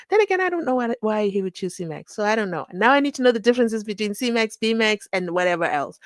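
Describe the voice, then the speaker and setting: A young woman talks straight to camera, sarcastic and chatty as she riffs on court news. Her voice sits at a middle pitch and sounds dry and close, with no room around it. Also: dry recording. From Namibia. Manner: chatty, sarcastic, acts out the people she quotes. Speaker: commentary channel host. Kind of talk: casual commentary on a court trial.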